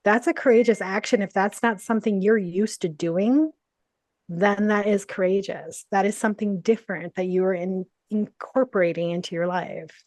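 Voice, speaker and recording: A woman business coach telling a personal story in a casual interview, animated, laughing often and saying "like" and "you know" a lot. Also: medium pitch, moderate pace, dry recording.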